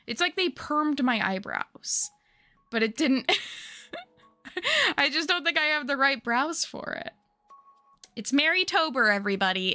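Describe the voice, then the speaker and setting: A woman's voice: high voice, pushed and bright, no room sound. A young adult woman streamer in casual chat with her viewers, rambling, giggly and answering chat as she goes.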